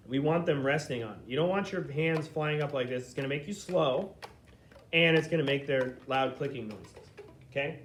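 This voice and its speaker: Male flute teacher, slightly higher voice, patient and methodical, checks in a lot. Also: slight background noise. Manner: patient, explains slowly, checks in with frequent "okay?". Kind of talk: step-by-step instrument lesson.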